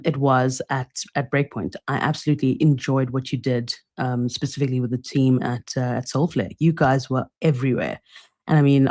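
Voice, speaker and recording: A British woman hosting a casual interview, speaking warmly and hesitantly with many fillers. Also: rumbling low. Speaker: podcast host.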